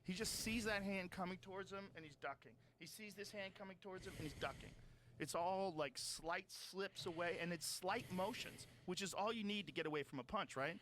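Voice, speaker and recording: Guy hosting a podcast, swears a lot, fired up, kinda high voice, faint hiss behind. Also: a little fast. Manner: animated, profane, emphatic. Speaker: podcast host. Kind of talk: casual chat.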